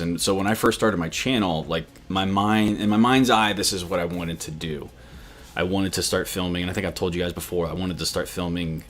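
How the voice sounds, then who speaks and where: Man, very low voice, casual livestream talk, rambling and direct to viewers. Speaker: running channel host.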